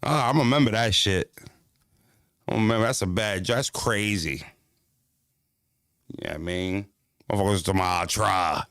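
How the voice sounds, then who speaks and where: A man with a very low voice, swearing through laid-back stories as he talks straight to his viewers. His speech is loose and slangy, recorded close and dry. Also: a little slow, gravelly, long pauses, a bit bright, no echo. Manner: profane, slangy storytelling. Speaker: livestream host. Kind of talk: casual livestream chat.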